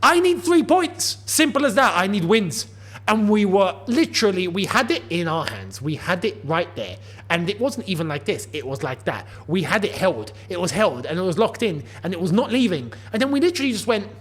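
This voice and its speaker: A man's voice: sits high, sing-song, normal speed, fairly bright tone, husky. A man hosting a football channel, delivering an exasperated, emphatic post-match rant with lots of repetition.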